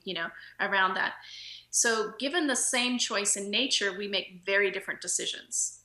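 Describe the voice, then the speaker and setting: A woman's voice: mid-range voice, pushed and bright. A woman guest on a podcast, a nutritionist speaking casually and telling stories with plenty of laughter. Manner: storytelling, laughs often, acts out quoted dialogue. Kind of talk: casual interview storytelling. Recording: roomy echo.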